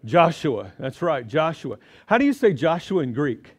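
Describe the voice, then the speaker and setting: A middle-aged man with a slightly high voice leads a live Bible seminar. He talks in a loose, chatty way, throws questions at the audience and acts out short quotes as he teaches. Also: sing-song, moderate pace, husky.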